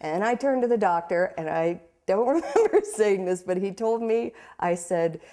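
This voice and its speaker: A young woman recounting a personal ordeal, halting and repeating words, emotional but steady, with rueful laughs. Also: medium pitch. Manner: halting, repeats words while searching for them. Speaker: interviewee. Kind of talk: personal storytelling.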